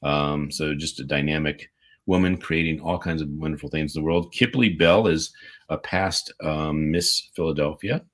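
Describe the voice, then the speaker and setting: A man co-hosting a casual livestream over a video call, reading out birthday shout-outs in an enthusiastic, rambling way. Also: a bass voice, moderate pace. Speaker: podcast co-host.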